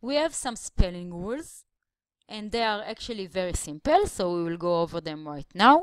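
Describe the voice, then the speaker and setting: A woman's voice: on the low side, lively intonation, clear, resonant tone, no room sound, studio quality. Woman teaching English grammar. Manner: explains slowly, stretching syllables to show stress. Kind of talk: grammar lesson voice-over.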